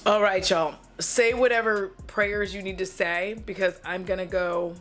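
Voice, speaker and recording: Over soft background music, a woman with a medium-pitched, slightly bright voice speaks at a measured pace with fairly even intonation. She's a beauty vlogger casually reviewing makeup at home, dramatic and profane, often trailing into little noises.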